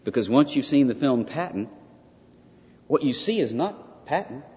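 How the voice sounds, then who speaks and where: A man's voice: medium pitch, very animated, normal speed, a little mellow. An older man giving a theology lecture, emphatic, repeating key points and asking rhetorical questions. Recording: lo-fi lecture recording with long reverb.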